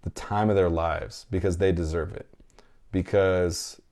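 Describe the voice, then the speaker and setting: Reading listener comments in a casual live chat, this podcast host, a man in his thirties, gets candid and emotional and swears freely. His low voice is steady, slightly mellow and measured in pace.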